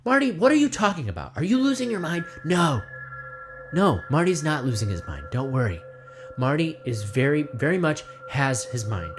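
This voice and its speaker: Rambling man musing in third person. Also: on the high side. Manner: self-referring in third person, rambling, rhetorical questions; acts out voices in quick asides. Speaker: comedy video essayist. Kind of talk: rambling satirical monologue.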